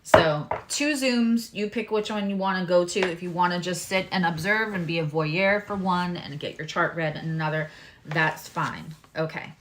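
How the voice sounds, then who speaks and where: During her live astrology and tarot reading, she keeps things chatty and frank, swears freely, and sometimes lowers her voice for hushed asides. Her pitch is fairly low and her speed normal, with slight background noise.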